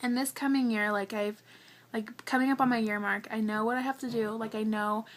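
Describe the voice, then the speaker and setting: A woman's voice: a little high, steady tone, a little fast. A young woman vlogger telling a personal story in a chatty, earnest way, filling her talk with "like" and getting emotional. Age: young adult. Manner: chatty, heavy use of "like", earnest; emotional, close to tears.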